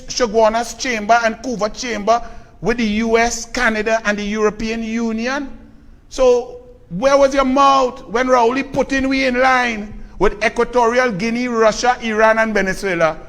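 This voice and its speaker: A man's voice: high-pitched, a bit bright. A man with a Trinidadian accent delivering a scornful, combative political commentary rant.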